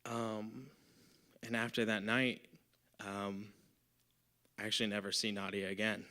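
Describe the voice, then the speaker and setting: A man's voice: on the low side, level tone, measured pace, bright, forceful tone. A man in his twenties telling a personal story live on stage, talking casually with lots of "like" and "you know". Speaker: volunteer storyteller.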